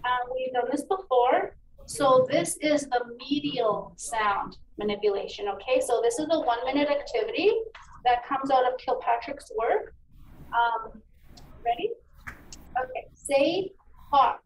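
A woman teacher giving a phonics lesson to children, encouraging and enunciating each sound clearly. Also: sits high, measured pace. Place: meeting room. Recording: echoey room, distant mic, faint noise.

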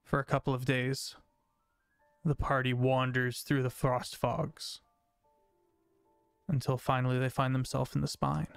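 A man narrating a tabletop game as game master, unhurried, with fillers. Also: medium pitch, level tone, vocal fry, smooth, no echo, faint music behind.

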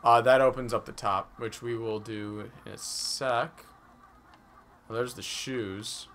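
A man's voice: medium pitch, fairly even intonation, takes it slowly, a bit bright. A man co-hosting a let's play, giving easygoing, jokey gameplay commentary.

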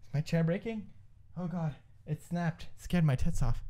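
A man playing a quiz game, shouting, laughing and swearing as he plays. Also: on the high side, moderate pace, heavy background noise. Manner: excitable, yelling and swearing at the game. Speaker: gamer. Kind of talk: let's play commentary.

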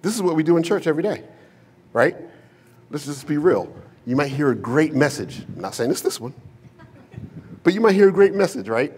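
A man's voice: on the high side, animated, fairly quick, pauses often, a little mellow, slight background noise. A male pastor preaching a sermon to a congregation in a church, mixing humor, slang and rhetorical questions into his storytelling. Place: church sanctuary with a live congregation.

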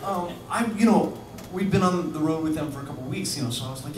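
A man's voice: a little high, fast talker, hardly any pauses. A man telling a rambling, laughing anecdote on stage at a bar venue, full of fillers and restarts. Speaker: musician telling a story on stage. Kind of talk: live anecdote. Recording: echoey live room from far off with noise.

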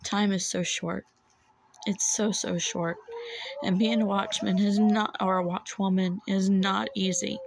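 Pleading woman with a gravelly edge. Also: mid-range voice, level tone, a little slow, slight background noise, low-quality recording. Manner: pleading, earnest, repeats herself. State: holding back tears. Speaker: self-described watchwoman. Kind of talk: urgent religious warning to camera.

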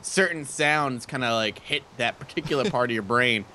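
A man co-hosting a let's play, talking in an easygoing, chatty way with quick laughs. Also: mid-range voice, pushed and bright, a little hiss or hum. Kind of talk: casual gaming chat.

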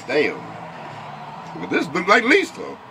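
Loud cussing guy joking around outside a store, lively up and down voice, traffic noise behind. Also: sits high, slow. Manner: boisterous, profane, laughing at his own jokes. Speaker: comedy show host. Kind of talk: loose street comedy banter. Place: outdoors by a convenience store.

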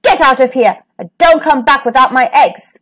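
A woman voicing a grumpy, bossy male pig king who yells his demands in a storybook reading. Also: a little high, expressive, moderate pace. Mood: angry. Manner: yelling, demanding.

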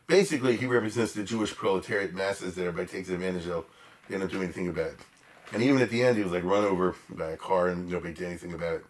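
A man giving an informal storytelling lecture, animated and emphatic, with chatty asides to the audience. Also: deep voice, rapid-fire. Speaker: lecturer on history.

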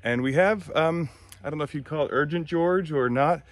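A man's voice: on the high side, moderate pace, no echo. A man checking in on his vlog, out of breath from walking up a hill, friendly and casual. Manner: friendly, a bit winded, ends in prayer. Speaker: vlog host.

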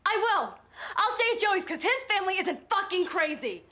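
An actress playing a defiant, exasperated daughter who curses in a film drama. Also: female voice, very high-pitched, very animated, moderate pace, sharp tone, full character voice. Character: defiant teenage daughter Samantha.

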